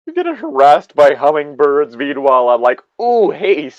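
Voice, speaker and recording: A woman's voice: sits low, huge pitch swings, normal speed, lo-fi sound. A woman co-host chatting casually, chiming in with jokes and short replies. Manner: chimes in with jokes and short backchannels. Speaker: podcast co-host. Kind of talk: casual chat, reacting.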